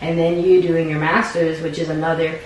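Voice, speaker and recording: A woman counselor in a counseling session, calmly reflecting back what her client says. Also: low voice, moderate pace. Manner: calm, reflective paraphrasing. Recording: very echoey room, distant mic, faint noise.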